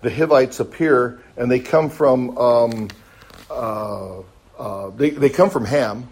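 Man leading a halting Bible study. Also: mid-range voice, darkish tone. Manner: halting, many fillers and restarts; polite, answers with "yes, ma'am".

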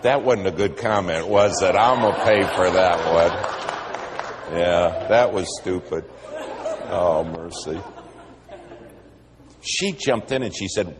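A man's voice: sits low, slow, pauses often, crowd noise, background noise. A male preacher, telling a humorous story in a sermon.

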